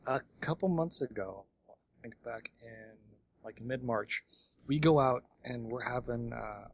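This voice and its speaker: A man's voice: medium pitch, measured pace. A man co-hosting a casual podcast, telling rambling family stories and correcting himself as he goes. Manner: rambling, self-correcting storyteller, joking. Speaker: podcast co-host. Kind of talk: casual storytelling chat.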